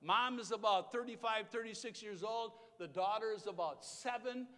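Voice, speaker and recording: Brief: man with a high voice, relaxed storytelling preacher, long hall reverb. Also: normal speed. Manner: conversational, anecdotal, with small restarts. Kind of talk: sermon storytelling. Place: church sanctuary.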